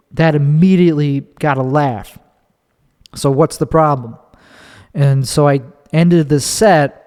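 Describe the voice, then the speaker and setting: Here a fairly high-pitched, darkish male voice speaks at a measured pace with fairly even intonation. He's a stand-up comedian in his thirties from Chicago, telling a rambling, candid story on his own podcast with restarts and swearing, recorded with long hall reverb.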